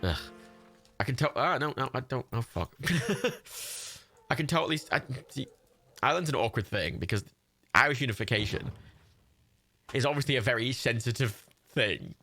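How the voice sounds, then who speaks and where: A man's voice: mid-range voice, very animated, moderate pace, long pauses, bright, forceful tone, soft background music. A young man with an English accent giving rambling, sweary let's-play commentary on a livestream and laughing often.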